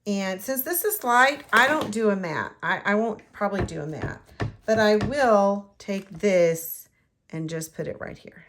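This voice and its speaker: A woman's voice: medium pitch, gravelly, fairly bright tone, slight background noise. A middle-aged woman, chatting her way through a card-making tutorial and talking to herself as she works. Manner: chatty, rambling, talks to herself while working. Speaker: craft demonstrator.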